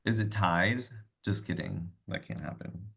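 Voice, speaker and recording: A man's voice: low-pitched, unhurried, vocal fry, fairly bright tone, slightly rough. A man on a group call, a contestant in an online game, joking and playful in casual banter.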